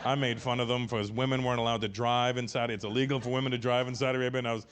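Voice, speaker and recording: A middle-aged male stand-up comedian telling an animated, profane story on stage and acting out the other people in it. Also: mid-range voice, rapid-fire, background noise.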